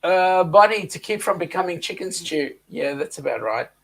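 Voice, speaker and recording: A man's voice: high voice, expressive, normal speed, creaky, a bit bright. A man co-hosting a casual live chat show, reading viewer comments aloud and trading jokes.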